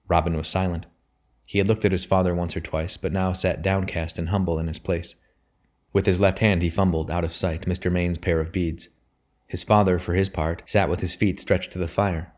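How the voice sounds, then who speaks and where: Deep-voiced man narrating an audiobook. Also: little pitch movement, brisk, a little mellow. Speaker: audiobook reader.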